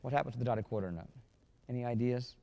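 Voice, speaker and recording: A band clinician talks fast in a medium-pitched, creaky male voice with a dark tone while rehearsing a wind band in a concert hall. Between encouraging instructions, he sings lines in scat syllables to show the phrasing.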